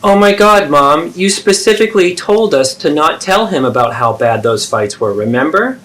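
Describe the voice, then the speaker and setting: A man's voice: on the high side, animated, normal speed, fairly bright tone. A man, therapist and host, acting out an adult child confronting a parent in a role-play, earnest and pleading.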